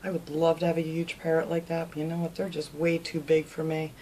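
A woman hosting a craft channel, chatting casually and warmly thanking viewers by name as she opens mail at home. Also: sits low, completely flat delivery, fairly quick, a little hiss or hum. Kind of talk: casual chat, opening mail.

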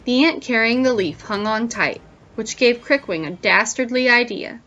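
A woman teacher reading a picture book aloud to children in an expressive storytelling way, pausing to ask them questions, on a dull lo-fi recording. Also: a little high.

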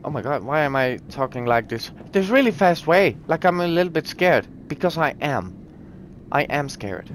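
A man's voice: fairly high pitch, expressive, moderate pace, a little hiss or hum. A young man commentating while playing a horror game, nervous and talking to himself, with sudden yelps and swearing. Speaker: gaming streamer.

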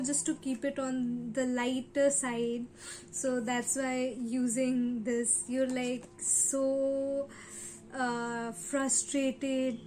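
A woman's voice: high-pitched, darkish tone, a little hiss or hum, rough recording. A woman from India with an Indian English accent, giving a casual, rambling tarot reading full of fillers. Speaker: tarot reader.

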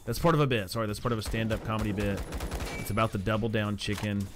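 A fairly low-voiced man gives live commentary on his game, talking with his chat and reacting fast. Loud game music and gunfire run underneath everything he says. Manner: excitable, chatty with chat, quick reactions. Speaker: game streamer.

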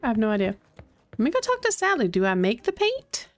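A woman's voice: on the high side, huge pitch swings, brisk, no room sound, faint music behind. A woman streaming a cozy game, thinking aloud in casual, chatty commentary. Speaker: gaming streamer.

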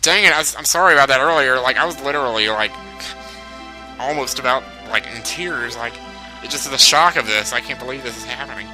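A young man giving casual let's play commentary, excitable and cracking profane jokes. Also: medium pitch, a little fast, rough recording. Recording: game music behind the voice.

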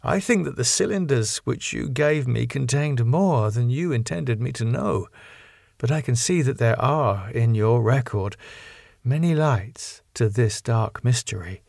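A man reading an audiobook, voicing a gentle but resolute young woman who speaks gravely and appealingly. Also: medium pitch, lively intonation, unhurried, dry recording, studio quality. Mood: earnest.

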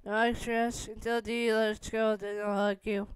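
A woman's voice: on the high side, flat delivery, unhurried, clean tone, no room sound, close to an everyday voice. A woman voicing a cheerful young male hero who talks in an easygoing, affectionate way. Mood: friendly.

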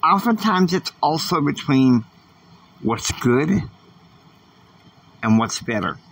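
Earnest male podcast host, husky, emphatic, a bit off-mic. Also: fairly high pitch, animated, slow pace, a bit bright, recorded from a distance, rough recording. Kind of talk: faith-based motivational monologue.

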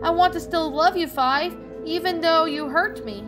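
A woman's voice: extremely high pitch, moderate pace, music in the background, pitched above the performer's own voice. A woman voicing an upset young male puppy in a fan fiction reading, with a raised, emotional delivery. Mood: tearful.

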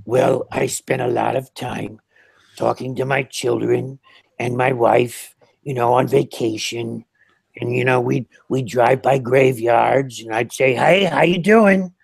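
This older puppeteer talks at a measured pace in a medium-pitched, slightly rough voice with vocal fry, telling animated, laugh-filled anecdotes as a guest. It's a casual interview over a remote call, with no room sound.

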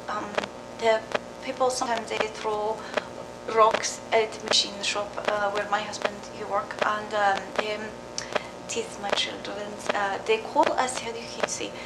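An actress plays a humble, emotional Czech immigrant mother, talking in halting, broken English full of fillers and soft laughs, her voice sitting a little high. The old film recording hisses and crackles behind her. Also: roomy sound. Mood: earnest. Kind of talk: mock documentary interview acting.

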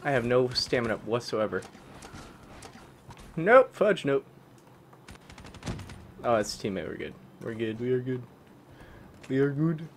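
Excitable young man yelling over gameplay. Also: mid-range voice, unhurried, long pauses, slight background noise. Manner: excitable, yelps, swaps swears for "fudge". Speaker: gaming channel host. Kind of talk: live gameplay commentary.

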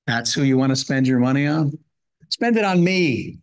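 A preacher playing a resentful older brother in a retold parable, complaining indignantly. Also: male voice, medium pitch, animated, normal speed, close to an everyday voice. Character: resentful older brother, adult man, bitter.

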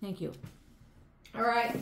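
A woman hosting a casual vlog, chatting playfully and musing aloud as she goes. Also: slow pace. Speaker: vlog host. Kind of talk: casual chat. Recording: echoey room with some background noise.

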